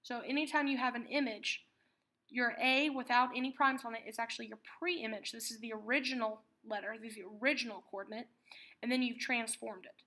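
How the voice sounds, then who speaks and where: Bright-voiced woman teaching math. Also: on the high side, fairly even intonation. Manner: patient, repeats key terms slowly. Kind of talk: classroom lesson explanation.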